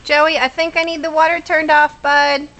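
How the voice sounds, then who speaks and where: A woman's voice: sits high, level tone, normal speed, highs cut off. A woman filming a litter of puppies at home, talking casually and cooing at them in baby talk on a camera mic. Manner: coos and baby-talks at the puppies. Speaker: puppy owner filming a litter. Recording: loud background noise, home video.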